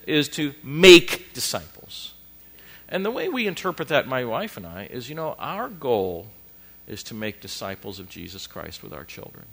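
Bright-toned emphatic male preacher. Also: medium pitch. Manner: emphatic preaching with rising intensity. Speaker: pastor. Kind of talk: sermon.

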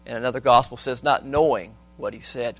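A man preaching a sermon, reading scripture aloud and asking the congregation questions, swinging between soft and loud. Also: mid-range voice, a little fast.

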